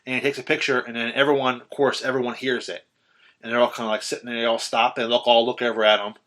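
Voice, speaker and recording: A man co-hosting a podcast, casually recapping a film in a profane, animated way and acting out quotes with sudden shouts. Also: mid-range voice, fast talker. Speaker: podcast co-host.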